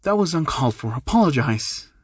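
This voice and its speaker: A man's voice: a little high, sing-song, a little fast, husky, dry recording. A man voicing a firm, protective middle-aged mother who speaks sternly, in a dry-sounding recording. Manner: stern, commanding.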